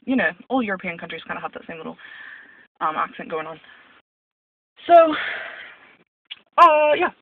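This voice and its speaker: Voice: medium pitch, very animated, normal speed, pauses often, dry recording. Speaker in a put-on Irish accent, rambling. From West Virginia. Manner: rambling, hesitant, full of ums and uhs. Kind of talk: casual vlog monologue. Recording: tinny phone-like audio from a distant mic.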